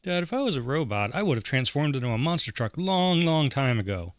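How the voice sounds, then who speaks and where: A man's voice: mid-range voice, very animated, brisk, no echo, clean studio sound, voice pushed up, lightly acted. A man voicing an upset teenage girl in a video game, pleading and questioning. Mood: wry.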